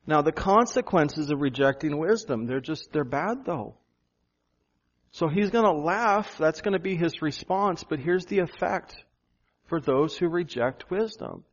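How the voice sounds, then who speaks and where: A male pastor preaching a sermon, animated, jumping up in pitch for emphasis. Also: measured pace, highs cut off.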